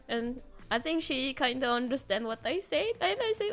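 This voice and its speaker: A woman with a French accent, a streamer telling stories in casual chat with hesitant fillers and animated delivery. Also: extremely high pitch, fairly quick, few pauses, faint music behind. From France. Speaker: VTuber streamer.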